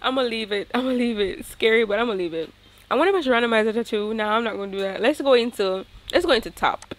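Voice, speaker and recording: Talking fast in a higher register, this woman runs through a life-sim game for her YouTube audience in a casual, excited, chatty way.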